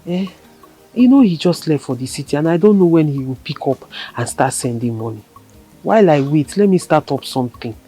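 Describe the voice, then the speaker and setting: A Nigerian actress playing a young wife who is bored at home and wants to start a business. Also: female voice, deep voice, expressive, brisk, mellow, breathy edge, faint music behind, rough recording. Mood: confiding. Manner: chatty, confiding. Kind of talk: Nollywood film acting.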